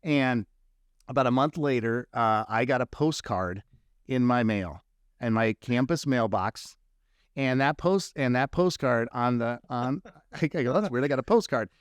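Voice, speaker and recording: A man hosting a podcast, telling a story in a lively, animated way with quick asides. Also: medium pitch, clean tone, no room sound. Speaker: podcast host. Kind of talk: casual storytelling chat.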